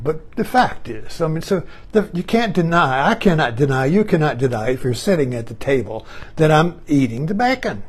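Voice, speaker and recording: A man's voice: a little high, very animated, moderate pace, slightly rough. An older man musing in a rambling monologue, repeating himself and chuckling as he turns his ideas over. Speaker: online talk host. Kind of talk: reflective monologue.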